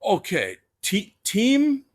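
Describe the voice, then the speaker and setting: A man voicing an old foreign wrestling legend who speaks halting English and repeats words back slowly as questions. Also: sits high, huge pitch swings, dry recording, studio quality, voice pushed up, full character voice. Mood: puzzled.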